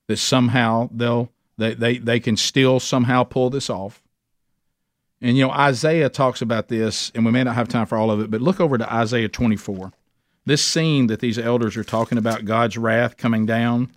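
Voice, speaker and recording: A man with a Southern US accent preaching in a men's Bible study. He is earnest and emphatic and lifts his voice sharply to stress a point. His voice sits at an average pitch and is recorded close and dry, with no room echo. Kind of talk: sermon.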